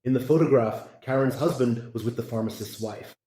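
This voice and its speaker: A man reading a string of short jokes aloud in a flat, scripted way. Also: medium pitch, a little fast, roomy sound, low-quality recording. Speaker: joke narrator.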